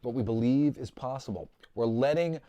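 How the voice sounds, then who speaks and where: A man's voice: mid-range voice, normal speed, warm tone. A man giving a casual spiritual lesson, talking in a rambling, heartfelt way with many ums and restarts. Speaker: spiritual teacher.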